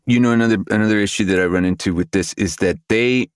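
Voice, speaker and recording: A man who is an audiobook narrator, a guest on a roundtable podcast, telling animated, winding stories. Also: lowish voice, quick pace, clean tone, dry recording, clean studio sound. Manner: animated storyteller, talks in long winding stretches. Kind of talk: casual roundtable discussion.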